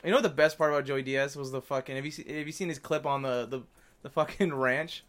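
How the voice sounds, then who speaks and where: A young man co-hosting a casual podcast, animated, swearing often and laughing a lot. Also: on the high side, fast. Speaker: podcast co-host. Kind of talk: casual crude banter.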